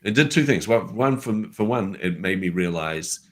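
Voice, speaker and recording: A man with a low, deep voice tells a personal story in a relaxed conversation. He is an animated storyteller and acts out the dialogue he remembers. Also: normal speed. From New Zealand. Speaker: guest.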